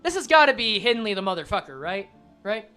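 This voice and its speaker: Lively, foul-mouthed woman streamer. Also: mid-range voice, faint music behind. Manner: casual, swearing, quick jokes. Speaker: game streamer. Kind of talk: let's play commentary and reading game text.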